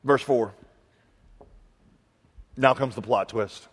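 A man preaching a sermon as pastor, animated and emphatic, varying his delivery for effect. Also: on the high side, moderate pace. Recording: long hall reverb.

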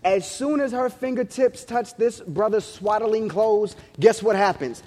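A man in his thirties preaching a sermon as pastor, telling a story in animated street slang and acting out what people said. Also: sits high, unhurried, very noisy. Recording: long reverb of a large hall.

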